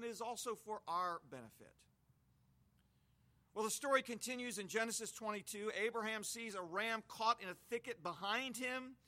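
A man's voice: sits high, bright, forceful tone. A man preaching an expository sermon, reading scripture aloud and explaining it with homely images.

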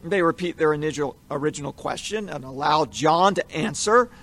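Man, high voice, bright tone, scripted Bible teaching, measured and explanatory. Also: animated.

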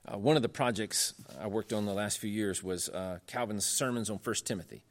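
A man giving a lecture on church history, earnest and emphatic, talking in a conversational way and pushing his voice up to stress points. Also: fairly quick. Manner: earnest, emphatic, rising in pitch when making points; conversational with frequent fillers.

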